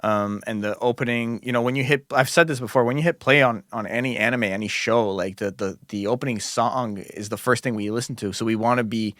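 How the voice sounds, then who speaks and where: A man of middle pitch hosts a podcast, asking questions in a thoughtful, measured way with the odd "um." The recording is dry and close to the mic. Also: steady tone, a bit bright, no echo. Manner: thoughtful, measured, uses fillers like um. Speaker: podcast host, music engineer. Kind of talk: interview questions.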